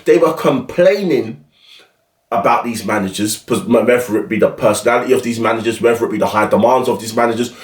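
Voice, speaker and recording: A man's voice: medium pitch, fairly quick, far from the mic. A man hosting a football show, delivering an exasperated, emphatic rant that keeps repeating its points. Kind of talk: ranting monologue. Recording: echoey room, off the mic.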